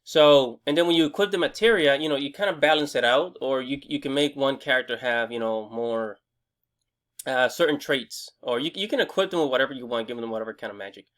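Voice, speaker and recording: A young man hosting a casual game review vlog, excitable and rambling, swearing freely and restarting his sentences often. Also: medium pitch, a little fast. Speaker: gaming video host.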